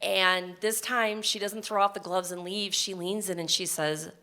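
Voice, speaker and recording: A woman's voice: medium pitch, animated, unhurried, few pauses, a bit bright. A woman telling a personal story on stage, in a vivid, emotional present-tense retelling.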